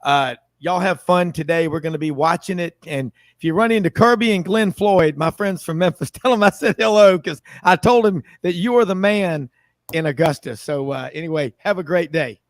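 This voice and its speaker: Man, radio host, slightly high, dry close sound, chatty, rambling. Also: normal speed, dry recording. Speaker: sports talk host. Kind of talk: radio talk show.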